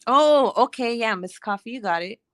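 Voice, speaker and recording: A woman's voice: a little high, animated, moderate pace, fairly bright tone, dry recording. A woman in her thirties whose first language is Spanish, speaking English with a Mexican Spanish accent, chatting casually with her stream viewers, rambling, laughing often and swearing freely. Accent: Mexican Spanish-influenced American English. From United States.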